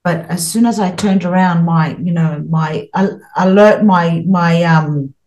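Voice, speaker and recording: A woman's voice: fairly low pitch, unhurried, darkish tone, rough recording. A middle-aged woman as an interview guest, talking earnestly and at length, with many restarts and fillers. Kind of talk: interview, spiritual experiences.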